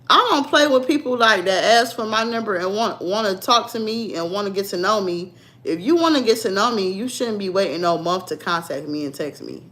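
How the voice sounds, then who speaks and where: A young woman livestream vlogger chats casually with her viewers, talking to them bluntly and sassily. Her voice is fairly high and a bit bright.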